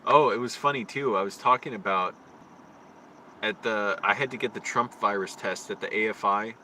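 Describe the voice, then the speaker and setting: A man's voice: on the low side, sharp tone, a little hiss or hum. A man live-streaming outdoors, telling rambling anecdotes with restarts, his voice rising when he retells arguments. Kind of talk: casual live-stream storytelling.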